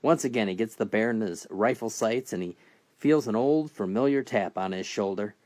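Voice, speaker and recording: A man narrating a string of dirty jokes in a deadpan storytelling manner, briefly lifting his voice for the characters. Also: fairly low pitch, normal speed. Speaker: joke teller.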